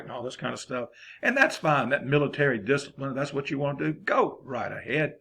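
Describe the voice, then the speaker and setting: A man's voice: medium pitch, animated, moderate pace, a bit bright, husky. A man, giving a folksy, rambling football coaching lesson.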